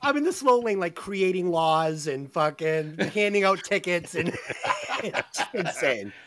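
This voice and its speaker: A man hosting a casual podcast, animated and profane, laughing often as he banters. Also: high-pitched, unhurried, very noisy. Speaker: podcast host.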